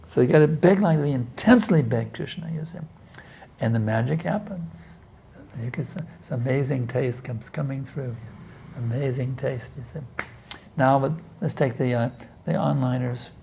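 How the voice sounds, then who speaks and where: Gravelly yet mellow, this mid-range male voice moves at normal speed, with a slight hiss or hum in the audio. He's a spiritual teacher answering questions in a casual scripture class, full of restarts and "you see" asides, occasionally pleading intensely as he acts out prayers.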